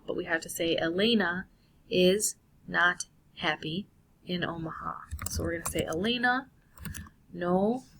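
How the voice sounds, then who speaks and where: Slow-talking woman teaching Spanish. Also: mid-range voice, bright, forceful tone, a little hiss or hum. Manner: casual, talks through steps, self-correcting. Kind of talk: screen-recorded lesson walkthrough.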